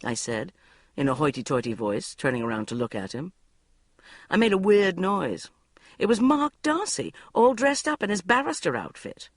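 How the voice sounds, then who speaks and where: A woman narrates a comic diary audiobook in first person. Her pitch swings widely as she reads with wry, self-mocking expression. The recording is dry and close. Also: very animated, moderate pace, dry recording.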